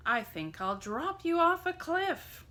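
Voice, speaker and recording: A woman's voice: on the high side, very animated, measured pace, sharp tone, pitched above the performer's own voice, exaggerated voice. A woman voicing a huge bullying male giant in a storybook who bellows and then whimpers to his mother. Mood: bellowing.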